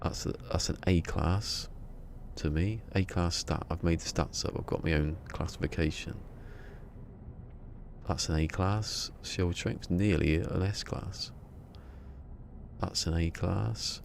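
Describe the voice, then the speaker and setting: A man's voice: low-pitched, steady tone, slow pace, gravelly, pauses often, a little hiss or hum. A man streaming a video game, rambling and muttering to himself as he plays. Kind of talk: casual live-stream commentary.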